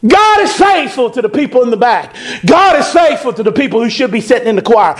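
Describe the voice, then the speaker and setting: Male pastor, very high voice, animated emphatic sermon delivery. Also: a little fast. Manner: animated, emphatic preaching with repetition.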